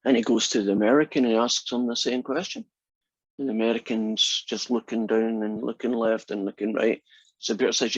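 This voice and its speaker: A man's voice: on the low side, steady tone, a little fast, breathy edge, no room sound, dull audio. Chatty man telling a classroom joke. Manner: chatty, tells jokes with asides. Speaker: math instructor.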